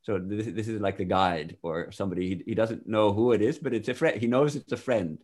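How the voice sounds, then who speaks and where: A man's voice: fairly low pitch, brisk, hardly any pauses, darkish tone. A man as an interview guest, earnestly explaining and commenting on accounts he reads out.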